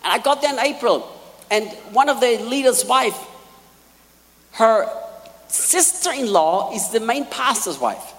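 A man preaching a sermon, telling stories in an animated way and acting out quotes. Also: extremely high pitch, a little slow, long pauses, long reverb tail.

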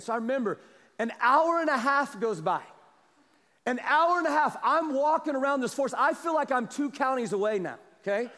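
A man preaching a sermon as a pastor, telling a story with animated energy and a slight cough. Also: extremely high pitch, brisk, in a large hall. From Kansas, US. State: has a cough.

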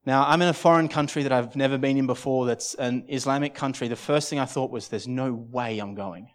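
Earnest pastor telling a story. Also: male voice, medium pitch, fairly even intonation. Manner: earnest, halting with frequent restarts. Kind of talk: sermon storytelling. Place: church service.

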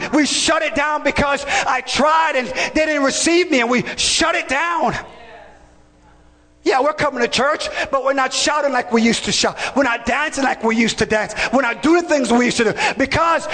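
A man preaches a sermon in a church, his voice sitting very high. He preaches emphatically, often shouting and calling on the congregation to answer. The sound rings with the long reverb of a big hall. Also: moderate pace. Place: church sanctuary.

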